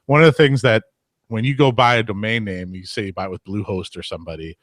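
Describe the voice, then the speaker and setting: A man's voice: fairly low pitch, fairly even intonation, fast talker, fairly bright tone, dry recording, clean studio sound. A man co-hosting a live show in casual chat, blunt and opinionated. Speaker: podcast co-host.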